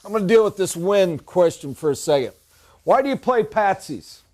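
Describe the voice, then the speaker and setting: Emphatic mellow-voiced male sales trainer. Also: high-pitched, lively intonation, normal speed. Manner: emphatic, preachy. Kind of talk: motivational sales training talk. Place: training room with a whiteboard.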